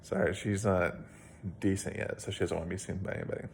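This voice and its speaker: A man's voice: sits low, fairly even intonation, fast, vocal fry, a little hiss or hum. A young man, a video blogger, casually retelling a Bible story at home in a plain-spoken, rambling way with fillers.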